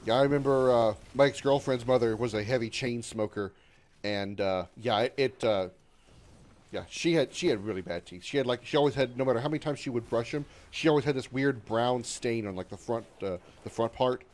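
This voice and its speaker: A man in his thirties talks to his chat while he plays a video game. He keeps up loose, profane banter and reads viewer comments aloud, full of fillers and quick asides. His voice sits in a middling pitch. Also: a little mellow. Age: 30s. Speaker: gaming livestreamer. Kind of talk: casual live-stream chat while gaming.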